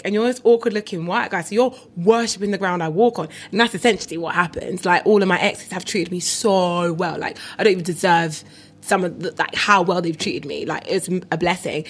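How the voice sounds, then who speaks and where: A young woman with a London accent, a comedian chatting as an interview guest, animated and quick to laugh. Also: on the low side, husky. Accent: London English. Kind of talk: casual interview chat.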